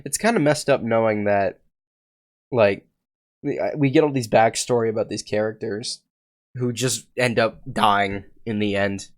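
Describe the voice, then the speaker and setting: A man's voice: on the low side, measured pace. Offhand man giving game commentary. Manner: offhand, chatty asides. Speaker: streamer. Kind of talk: casual let's-play commentary.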